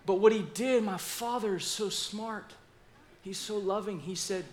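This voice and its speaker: A man preaching a sermon with passion, acting out his own inner dialogue and speaking with lively asides. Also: high voice, moderate pace. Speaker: pastor.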